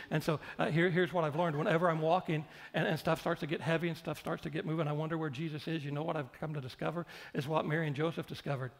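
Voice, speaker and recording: A man's voice: a little high, level tone, fast talker, vocal fry, hardly any pauses. A male pastor preaching a sermon, repeating phrases and putting questions straight to the congregation. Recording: long hall reverb.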